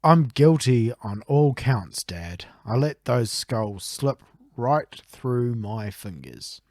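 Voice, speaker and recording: An earnest young hero, read by a man, explaining an old legend in a slow, measured way. His pitch rises and falls with the telling, and the sound is dry and close-miked. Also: big pitch swings, a little mellow, dry recording. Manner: measured, expository delivery.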